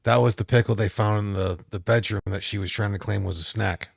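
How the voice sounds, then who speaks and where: A man's voice: fairly low pitch, steady tone, a little fast, creaky, breathy edge, dry recording, studio quality. A man telling stories in a rambling way on a casual podcast, often restarting his sentences. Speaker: podcast co-host. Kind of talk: casual chat.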